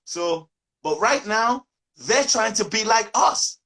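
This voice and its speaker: A man from Nigeria, a musician guest in a casual interview, telling lively stories and acting out quotes. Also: high-pitched, takes it slowly.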